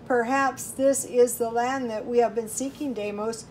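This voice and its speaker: A woman's voice: a little high, steady tone, a little slow, a little mellow, slight background noise, lightly acted, poor audio. A woman voicing a troubled male chieftain who pleads and questions in a storybook reading. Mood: pleading. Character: troubled male warrior chieftain, desperate and angry.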